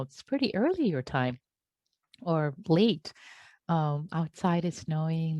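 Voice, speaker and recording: A woman meditation teacher on a video call, reading out attendees' check-ins and responding with warm, affectionate remarks. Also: low voice, animated, slow pace, no echo, lo-fi sound.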